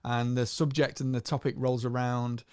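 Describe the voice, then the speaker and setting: A man's voice: mid-range voice, flat delivery, moderate pace, darkish tone, clean tone, dry recording, clean studio sound. A man co-hosting a live online coaching workshop, friendly and conversational, heard over a video call. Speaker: co-host and coach.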